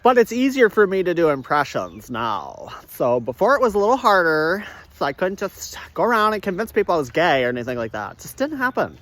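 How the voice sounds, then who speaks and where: A man with a fairly high voice talks as he walks a snowy outdoor trail, recorded on a handheld phone. He rambles from one joke to the next in a loose walk-and-talk monologue and chuckles to himself. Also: wildly swooping pitch, fairly quick, fairly bright tone, no echo. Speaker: vlogger.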